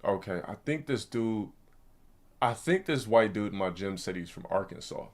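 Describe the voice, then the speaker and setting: A man's voice: fairly low pitch, lively intonation, moderate pace. A man streaming, telling a rambling story to his chat in blunt, profane casual talk. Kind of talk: casual ranting monologue to a live chat.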